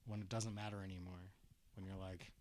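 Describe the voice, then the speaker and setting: A young man telling a funny story in casual chat, animated, laughing often and swearing. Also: low-pitched, a little fast. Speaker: guest. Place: Arizona.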